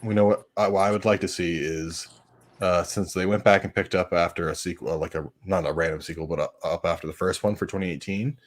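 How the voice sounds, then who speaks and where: A man hosting a casual watch party chat, talking loosely and swearing freely. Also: sits low. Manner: casual, swears, talks fast when excited. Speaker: host.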